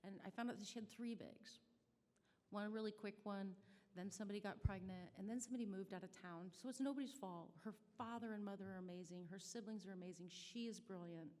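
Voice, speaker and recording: A middle-aged woman with a Midwestern American accent speaks at a charity brunch. She tells a story in a chatty, self-deprecating way, her pitch in a middle range. Her voice rings out with a long reverb through a banquet hall. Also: brisk, darkish tone. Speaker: nonprofit staff speaker.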